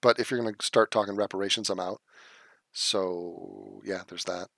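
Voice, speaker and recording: A man's voice: deep voice, fairly even intonation, moderate pace, gravelly, fairly bright tone, no room sound. A man hosting a casual livestream, reading chat comments aloud and answering them in a blunt, profane, scoffing way. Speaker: livestream host.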